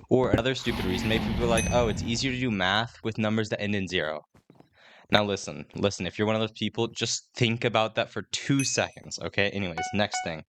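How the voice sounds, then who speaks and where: Low-voiced teen guy ranting over gameplay. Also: noisy background. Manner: rambling, restarts often, dry complaining tone. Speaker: gaming commentator. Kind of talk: casual voice-over commentary.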